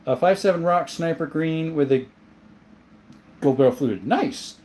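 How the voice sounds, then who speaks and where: A man's voice: fairly high pitch, unhurried, darkish tone. A man hosting a casual livestream, reading viewer comments aloud and answering them in a friendly way, often calling people "my friend.". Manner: friendly, answers viewer questions about his gun collection; often says "my friend" and "mate". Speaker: livestream host reading chat.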